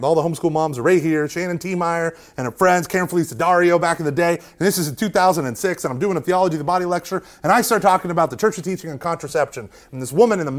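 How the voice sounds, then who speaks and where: Catholic speaker guy in his 30s, high voice, super animated, jokey storytelling talk. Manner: animated, joking, self-deprecating.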